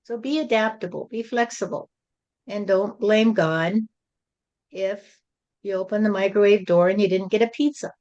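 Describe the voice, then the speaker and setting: A woman's voice: medium pitch, moderate pace, a little mellow, muffled recording. A woman channeling a spirit who gives a preachy spiritual lesson to a group and often repeats "you see".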